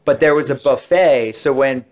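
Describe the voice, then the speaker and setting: A man at an ordinary middle pitch spins casual, rambling anecdotes as a podcast guest. He talks in a chatty way, trailing into asides and restarts. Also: normal speed. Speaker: entertainment interviewer, podcast guest.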